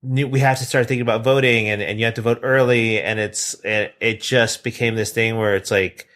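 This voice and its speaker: A man's voice: medium pitch, fairly even intonation, fairly quick, a bit bright. A man co-hosting a casual comedy podcast, chatting in a rambling way and laughing often. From United States. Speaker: podcast co-host.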